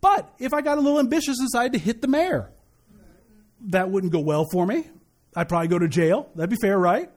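Lively high-voiced man preaching. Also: brisk. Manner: animated, joking storyteller with repeated stress. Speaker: pastor. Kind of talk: sermon.

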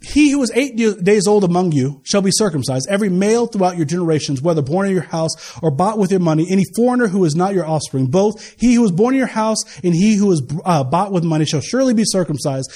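High-voiced animated preaching man. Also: quick pace, hardly any pauses. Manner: animated preaching with asides and laughter, swinging from loud to quiet. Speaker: pastor. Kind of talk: sermon.

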